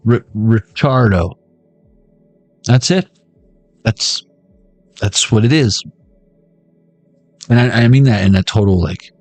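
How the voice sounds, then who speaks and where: A man giving a tarot reading as a comedic monologue, riffing with jokes and jumping into squeaky high voices. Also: no echo. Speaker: tarot reader.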